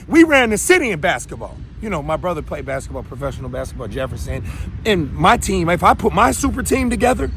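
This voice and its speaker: A brash, confrontational man in his thirties from Minneapolis hosts his own show in an unscripted monologue. His voice sits high for a man, and he stammers and restarts as he pushes his points. Faint background noise sits under the voice. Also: a bit bright. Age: 30s. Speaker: show host.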